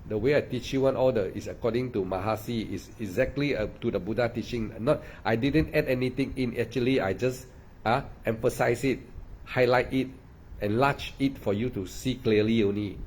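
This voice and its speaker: A man's voice: medium pitch, normal speed, a little mellow, a little hiss or hum. A man giving a meditation dharma talk, repeating himself and peppering his speech with "ah" and "lah". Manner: repetitive, emphatic, with frequent "ah" and "lah". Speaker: meditation teacher.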